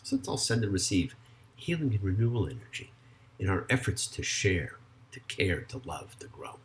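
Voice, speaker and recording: A man, a rabbi, giving a sermon with slow, drawn-out stress on key words and parts of prayer sung. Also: sits low, very animated, a little hiss or hum. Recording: faint guitar music behind.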